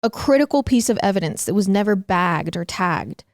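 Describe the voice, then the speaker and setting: A woman's voice: mid-range voice, lively intonation, a little mellow, dry recording, studio quality. Young woman hosting a true-crime podcast. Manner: brisk, reading from notes. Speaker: podcast host. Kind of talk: casual chat and scripted narration.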